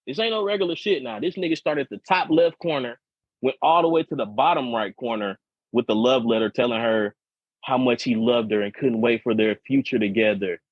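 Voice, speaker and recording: A husky-voiced man rambles through a profane, repetitive story on a casual podcast. His sound is dry and close, with dull, lo-fi podcast audio that lacks any sparkle. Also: medium pitch, a little fast, no room sound. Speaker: podcast co-host.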